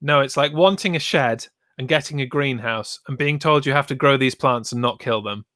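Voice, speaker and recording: A man's voice: mid-range voice, normal speed, a bit bright, dry recording. A man co-hosting a podcast in casual chat, laid-back and wry, summing up the verdicts. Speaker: podcast co-host.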